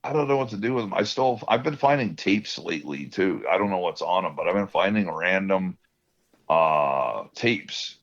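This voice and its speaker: A man's voice: low-pitched, animated, normal speed, fairly bright tone. A man telling rambling stories in casual podcast chat, laughing often. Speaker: podcast co-host. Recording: dull lo-fi sound.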